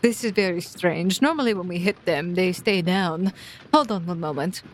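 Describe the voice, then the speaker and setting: Brief: a sneering noble lady, voiced by a woman player, slow scornful delivery, faint hum behind. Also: on the low side, lightly acted. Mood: disdainful. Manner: disdainful, drawling, sarcastic. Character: haughty cruel aristocratic noblewoman.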